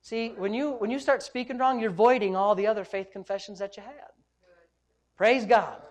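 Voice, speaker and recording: A middle-aged man, a pastor, preaching a sermon in an animated, joking way with frequent exclamations of praise. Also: high voice, moderate pace.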